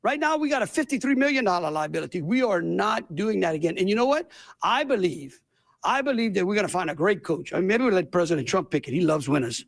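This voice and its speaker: A man's voice: high-pitched, lively intonation, fast talker, gravelly. A man with a Louisiana accent, a state governor giving emphatic, rambling, folksy press conference remarks.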